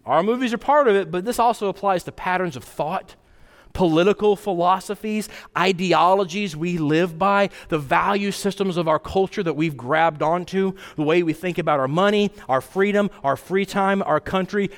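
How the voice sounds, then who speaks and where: A man preaching a sermon, telling stories casually and acting out quoted lines with big jumps in voice. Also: normal speed. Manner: animated storytelling, acts out quotes with pitch jumps. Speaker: pastor. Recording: long hall reverb.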